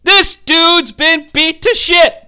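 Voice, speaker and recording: A man's voice: extremely high pitch, takes it slowly, pushed and bright, voice pushed up, full character voice. A man voicing a profane, irritable roman governor with a blunt, crude way of asking questions. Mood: irritated. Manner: blunt, crude, bored interrogating.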